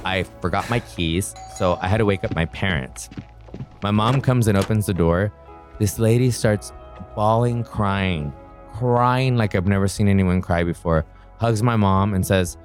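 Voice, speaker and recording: A man earnestly recounting a personal story in an interview, reflective and quick-flowing. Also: low-pitched, fairly even intonation, soft background music.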